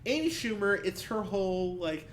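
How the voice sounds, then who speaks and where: A man's voice: high voice, sing-song, moderate pace, a bit bright, slight background noise. A man co-hosting a movie podcast, ranting heatedly and profanely about bad films with bursts of laughter. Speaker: podcast co-host. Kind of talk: ranty movie review chat.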